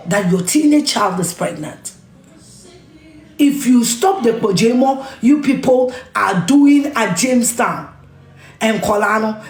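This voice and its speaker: A woman's voice: fairly high pitch, animated, takes it slowly, darkish tone, roomy sound, faint music behind. A woman with a Ghanaian accent delivering an impassioned, scolding monologue, repeating her points and mixing in local phrases. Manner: scolding, emphatic, repeats phrases, switches into Twi and Ga. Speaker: media personality ranting on camera.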